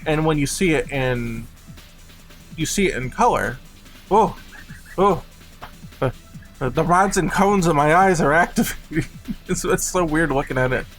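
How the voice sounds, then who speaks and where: Young guy, slightly high voice, streaming his game dev live. Loose and rambly with lots of "like"s, faint music under him. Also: expressive, a little slow, pauses often, a bit bright. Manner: rambling and explanatory, heavy on "like". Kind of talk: casual live-stream commentary.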